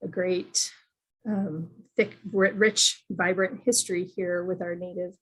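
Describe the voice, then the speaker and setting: A woman's voice: lowish voice, level tone, fairly bright tone. Chatty woman full of fillers. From moved to Nevada from elsewhere. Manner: halting, many fillers and restarts. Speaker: guest from Reno. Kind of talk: casual online chat.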